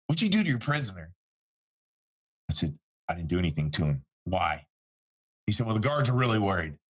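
A man's voice: fairly low pitch, a bit bright, breathy edge. A man, a former interrogator, telling a story in an interview and acting out the quoted dialogue.

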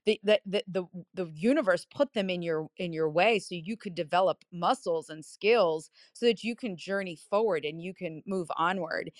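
A woman telling a personal story on a live audio chat, animated and emphatic, repeating key phrases. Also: lowish voice, no room sound, studio quality. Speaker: guest speaker.

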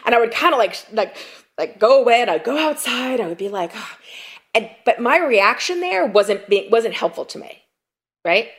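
A middle-aged woman talking as a podcast guest, telling stories in an animated way, acting out quotes and saying "like" often. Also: a little high, moderate pace. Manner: animated storyteller, acts out quotes, frequent "like". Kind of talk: conversational interview.

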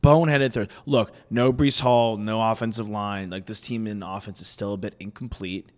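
A man co-hosting a sports podcast in casual chat. He is animated, laughs often and repeats phrases for fun. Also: fairly low pitch, moderate pace. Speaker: podcast co-host.

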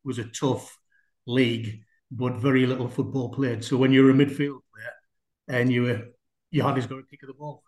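A man's voice: mid-range voice, fairly even intonation, moderate pace, darkish tone. A man, a former footballer telling rambling anecdotes in an interview. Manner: chatty, rambling, with many fillers. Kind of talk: anecdotal storytelling in a conversation. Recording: roomy echo.

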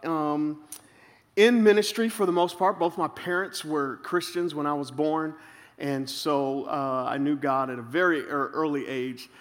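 A man preaching as pastor, telling humorous stories in an animated way. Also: a little high. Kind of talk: sermon. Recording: reverberant hall.

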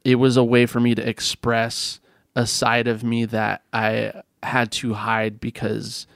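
A man's voice: medium pitch, measured pace, gravelly, dry recording, studio quality. A man from California, a podcast guest, telling a story in a loose, chatty way, full of restarts and "like.". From California, USA. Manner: animated storyteller, frequent restarts and "like". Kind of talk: casual storytelling chat.

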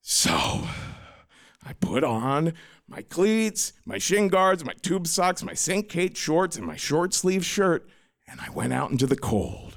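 A man telling a personal story with a dramatic, self-mocking flair, acting out the people in it. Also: on the high side.

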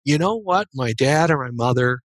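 A man's voice: medium pitch, animated, normal speed, dry recording. A middle-aged man, a guest author and business coach, telling a story in a casual interview in an earnest way, with frequent restarts and small laughs.

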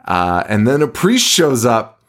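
A man chatting casually on a podcast, getting excited, cursing freely and breaking into laughter. His voice sits at an ordinary middle pitch. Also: a little slow. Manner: swears often, laughs a lot, excitable. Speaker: podcast co-host. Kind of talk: casual chat reviewing a movie.

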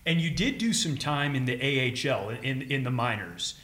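A man's voice: medium pitch, lively intonation, normal speed, a bit bright. Man asking questions in a roomy space. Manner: conversational, relates own experience before asking. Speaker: podcast host. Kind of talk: interview question.

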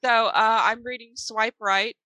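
A woman's voice: fairly high pitch, fairly even intonation, unhurried, pushed and bright, no echo, rough recording. A woman, an author and podcast co-host, chatting casually and laughing often.

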